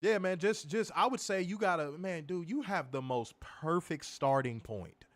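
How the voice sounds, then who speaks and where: With a high voice at normal speed, this man co-hosts a show reviewing wrestling. He reads comments and rants in a relaxed, foul-mouthed, animated way, often laughing.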